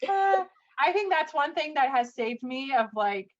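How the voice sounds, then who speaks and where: Woman co-host, loose chatty delivery, higher voice, muffled lo-fi recording. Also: animated, a little slow. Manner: chatty, loose, lots of fillers like "like". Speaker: co-host, intuitive channeler. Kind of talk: casual podcast chat. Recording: dull lo-fi sound.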